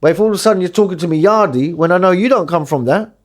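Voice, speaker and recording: Racing and animated, a middle-aged DJ with an East London accent and a high voice gives a blunt, candid podcast interview, swearing freely and doing impressions of the people he quotes.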